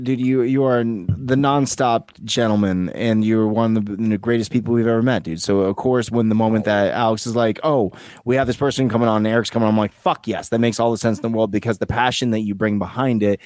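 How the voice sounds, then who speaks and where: A man's voice: on the low side, a little fast, darkish tone, no echo. A man co-hosting a podcast, talking with rambling enthusiasm and casual swearing. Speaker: podcast co-host. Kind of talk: casual chat.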